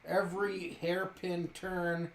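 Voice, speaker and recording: A man running a tabletop role-playing game as game master, narrating scenes in a slow, deliberate way. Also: sits high, little pitch movement, a bit bright. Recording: roomy echo with faint hiss.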